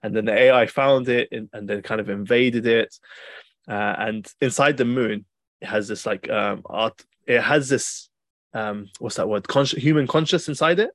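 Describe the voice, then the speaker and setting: A man's voice: medium pitch, normal speed, no echo. A young man hosting a podcast, telling long rambling stories in casual chat with plenty of fillers and restarts. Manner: rambling, animated storytelling with many fillers and restarts. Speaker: podcast host.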